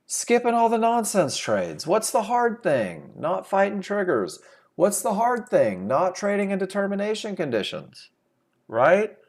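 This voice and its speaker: Animated man teaching a trading webinar. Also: high voice, unhurried. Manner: emphatic, rhetorical questions, repeats key phrases. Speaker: trading instructor.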